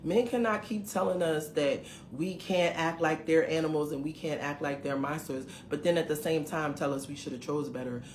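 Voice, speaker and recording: Animated woman telling a story in an echoey room. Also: low-pitched, normal speed, hardly any pauses. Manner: animated, emphatic, talks straight to viewers. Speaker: vlogger recounting a dating experience. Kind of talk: casual storytelling to camera. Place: her home, indoors. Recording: roomy room echo, faint background hiss.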